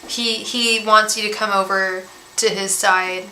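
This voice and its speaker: A woman reading tarot cards on a live stream, talking gently and emotionally, often repeating and restarting her words. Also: medium pitch, fairly even intonation, unhurried. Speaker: tarot reader and psychic medium. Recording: echoey room with faint background hiss.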